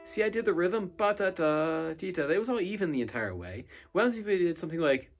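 A man giving a guitar student recorded feedback in a relaxed way, with many fillers, counting picking strokes aloud and humming rhythms. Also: sits high, quick pace. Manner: hums and scats rhythms while demonstrating. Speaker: guitar teacher. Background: guitar playing between phrases.

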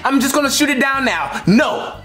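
A man's voice: extremely high pitch, lively intonation, moderate pace, a loud crowd. A man voicing a grumpy, insulting cartoon chef in a puppet comedy skit, exasperated and bossy.

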